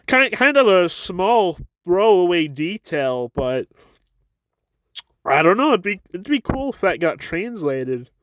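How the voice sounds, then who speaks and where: A man's voice: sits high, big pitch swings, takes it slowly, fairly bright tone, no room sound. A man giving a casual chapter review with wry asides, often stammering and repeating his words.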